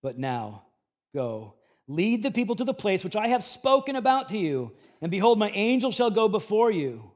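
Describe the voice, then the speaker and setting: The pastor's expository sermon has a sing-song lilt at a moderate pace. He shifts between quiet, low contemplation and raised, urgent emphasis, paraphrasing scripture as if chatting.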